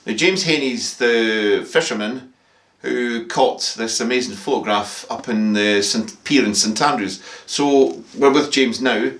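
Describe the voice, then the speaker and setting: A man's voice: medium pitch, measured pace, fairly bright tone. A man hosting a ghost-story show, telling the tale and interviewing with many hesitations and restarts. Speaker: host. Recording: roomy sound from a distance.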